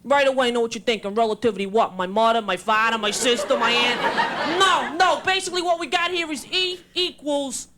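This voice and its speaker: A woman's voice: a little high, brisk, fairly bright tone, a little hiss or hum, close to an everyday voice. A woman voicing a crude, cocky man from Brooklyn with a thick New York accent, live on a comedy stage with a laughing crowd.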